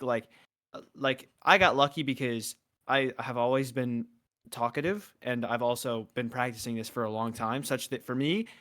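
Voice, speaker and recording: A talkative man in casual conversation, his voice sitting at an ordinary middle pitch. He speaks at length and circles back on himself with fillers and restarts, like someone who talks easily for a living. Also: fairly bright tone. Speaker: esports caster. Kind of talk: casual chat.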